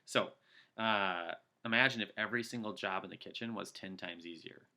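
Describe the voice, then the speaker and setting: A man giving an energetic sales training talk, coaching his listeners and acting out customer pitches. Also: moderate pace. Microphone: video call.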